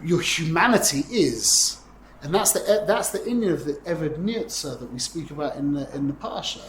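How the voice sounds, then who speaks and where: Teaching Tanya to a room of students, a man with a somewhat high voice keeps the class lively, frequently correcting himself and restarting sentences while using Hebrew and Yiddish words. The room echoes, with a faint murmur behind him and slight background noise.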